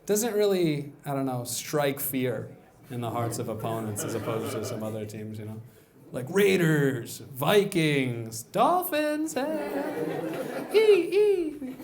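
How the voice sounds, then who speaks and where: A man's voice: mid-range voice, very animated, measured pace, a crowd in the background. A man doing a stand-up comedy set on a club stage, rambling, self-mocking and profane. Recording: roomy club with audience laughter. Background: live audience laughing.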